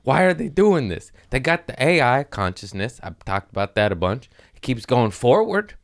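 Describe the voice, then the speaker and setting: A man's voice: mid-range voice, very animated, normal speed. A man hosting a comedy podcast, rambling through crude jokes in a casual monologue, giggling often and slipping into silly voices.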